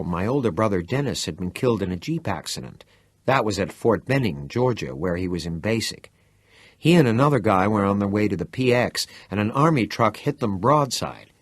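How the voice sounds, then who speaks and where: A man narrates a novel in the first person, his pitch rising and falling with lively expression. The sound is close and dry, with no room around it. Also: slightly rough, no room sound. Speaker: audiobook narrator.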